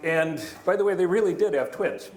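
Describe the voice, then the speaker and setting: A man's voice: high voice, a little fast, darkish tone. A middle-aged man giving a county address to a live audience in a large hall, in a folksy, joking, conversational way. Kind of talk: public speech with jokes. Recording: echoey hall with faint room noise.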